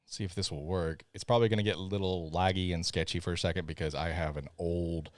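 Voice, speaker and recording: Deep-voiced Southern man hosting a stream. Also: steady tone, fast, no room sound, studio quality. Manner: chatty, apologetic, laughs often. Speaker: podcast host. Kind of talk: casual live-stream chat.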